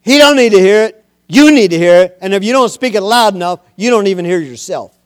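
High-voiced emphatic male preacher. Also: expressive, a little fast, clear, resonant tone, no room sound, clean studio sound. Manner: emphatic, urges listeners to say things aloud; plain-spoken, homespun. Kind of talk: sermon.

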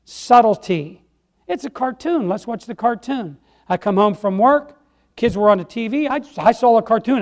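High-voiced man preaching folksy sermon. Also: darkish tone. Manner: folksy, emphatic, repeats phrases, asks "Amen?". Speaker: lay preacher. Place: church.

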